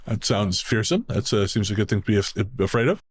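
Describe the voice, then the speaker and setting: Relaxed, jokey male co-host in casual podcast banter. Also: fairly low pitch. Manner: easygoing, jokey, quick to laugh. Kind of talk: casual chat.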